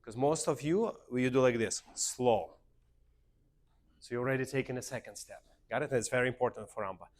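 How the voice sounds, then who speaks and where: A man with a Russian accent leads a beginner dance class. He counts the steps aloud and coaches his students. His voice sits at an ordinary middle pitch. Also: quick pace, hardly any pauses. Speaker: dance teacher. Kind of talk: dance lesson instruction.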